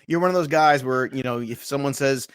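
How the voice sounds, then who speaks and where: A man co-hosting a sports podcast with energetic, playful hype-man delivery. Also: mid-range voice, brisk, clear, resonant tone, no echo, clean studio sound. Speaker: podcast co-host. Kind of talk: hyped podcast chat.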